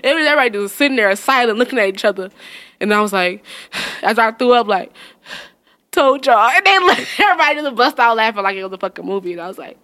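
A young woman, telling funny stories in a loose, profane, animated way and laughing often. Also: on the high side, quick pace. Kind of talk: casual storytelling chat.

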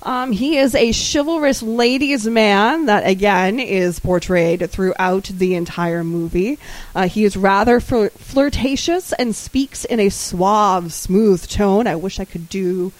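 A woman's voice: medium pitch, takes it slowly, no room sound, poor audio. A woman co-hosting a podcast in casual chat, rambling and often searching for her words. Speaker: podcast co-host.

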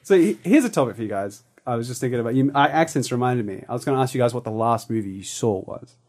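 A man co-hosting a podcast in casual chat, animated and jumping into silly voices. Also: medium pitch, quick pace. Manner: animated, breaks into silly character voices and laughs. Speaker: podcast co-host.

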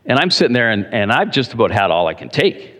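Animated preaching man in a reverberant church. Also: mid-range voice, quick pace. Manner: animated storytelling, addresses the congregation directly. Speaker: pastor. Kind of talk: sermon. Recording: long reverb in a large hall.

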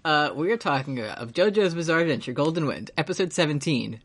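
Female podcast co-host, low and animated, playful, laughs easily. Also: quick pace. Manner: laughing, playful, swears casually. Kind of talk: casual chat.

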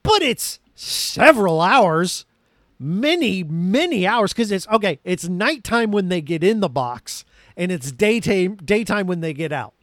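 A man co-hosting a casual movie review podcast, animated and sarcastic, laughing often. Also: sits high, unhurried, no room sound, studio quality. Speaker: podcast co-host.

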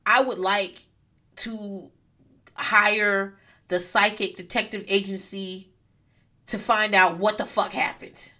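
A young woman hosting a podcast, telling a story in a casual, profane, animated way and laughing often. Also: medium pitch, slow, pauses often. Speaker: podcast host. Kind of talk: casual comedic recap.

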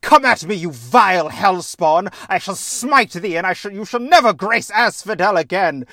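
A man's voice: high-pitched, animated, normal speed, sharp tone, no echo, voice pushed up, exaggerated voice. A man voicing a pompous, boastful hero king who speaks in grandiose old-fashioned bluster. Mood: bellowing challenge.

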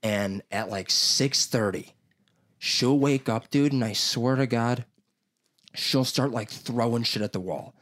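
A man's voice: medium pitch, takes it slowly, fairly bright tone. A young man telling a story in casual chat, rambling, swearing often and acting out what people said. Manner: rambling, swears a lot, acts out quotes.

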